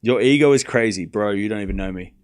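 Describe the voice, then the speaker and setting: A man's voice: fairly low pitch, fast talker. A man streaming a live tennis watchalong, calling points and teasing viewers with playful mock outrage. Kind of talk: live watchalong commentary and chat banter.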